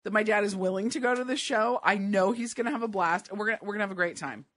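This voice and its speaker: Emphatic woman radio co-host, bright voice. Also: mid-range voice, racing. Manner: emphatic, repeats flat refusals. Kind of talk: casual radio banter.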